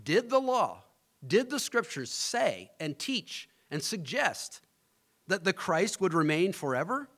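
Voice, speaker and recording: A man preaching a sermon as pastor, animated, often asking his congregation questions. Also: high voice, slow. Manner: animated preaching, rising to emphatic peaks, asks the congregation questions.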